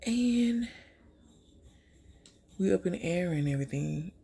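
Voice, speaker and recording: Her fairly low voice is gravelly with a breathy edge, and she speaks at a measured pace. She's a young woman vlogger doing her makeup during a casual storytime, giving a chatty, animated retelling and acting out people's lines as quoted asides.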